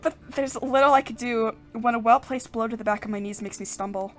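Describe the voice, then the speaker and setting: A woman's voice: fairly high pitch, a little fast, soft background music. Giggly woman reading game text aloud. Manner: giggly, casual asides between narration. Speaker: let's play host.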